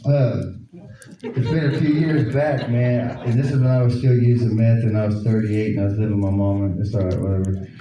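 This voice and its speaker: A man's voice: mid-range voice, fairly even intonation, brisk, muffled recording, slight background noise. A man with an Oklahoma accent doing a stand-up comedy set, telling loose stories and slipping into voices. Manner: loose storytelling with voices and laughs. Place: comedy club stage. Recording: echoey club recording from far off. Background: crowd laughter.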